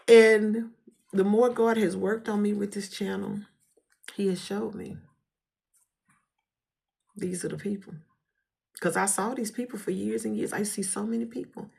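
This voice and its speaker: A woman giving an emotional spoken testimony in a fervent, preacher-like way, often dropping to a hushed whisper while holding back tears. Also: mid-range voice, steady tone, a little slow, gravelly, pauses often. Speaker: vlogger sharing a testimony.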